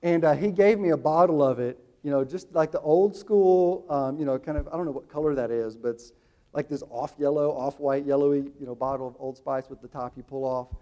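A man in his thirties, a pastor, preaches with a booming, slow delivery on quoted passages. His asides come out fast and hushed.

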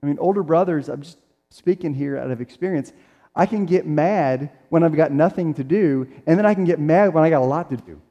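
A man's voice: fairly high pitch, a little fast, mellow, dull audio. A middle-aged man preaching a sermon in a conversational way, acting out the quotes he tells. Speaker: pastor. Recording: long reverb of a large hall.

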